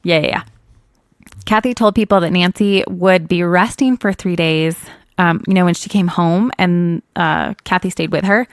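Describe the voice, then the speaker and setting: A woman's voice: lowish voice, moderate pace, clean tone, dry recording. A woman co-hosting a podcast, casually retelling a case in a chatty way that is full of small corrections. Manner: chatty, laughs often, self-correcting. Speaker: true crime podcast co-host.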